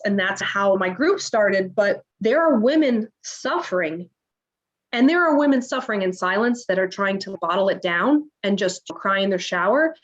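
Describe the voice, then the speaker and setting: Woman, 30s, conversational guest storyteller, mid-pitched, dull lo-fi recording. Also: moderate pace. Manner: animated retelling, acts out quoted dialogue. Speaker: podcast guest. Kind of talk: casual interview storytelling. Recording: dull lo-fi audio.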